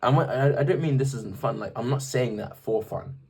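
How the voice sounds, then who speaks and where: A young man from England speaks fairly quickly in a medium-pitched voice with a breathy edge, sitting far from the mic. He's vlogging casually to camera about faith, animated and rambling, often breaking off and restarting his sentences.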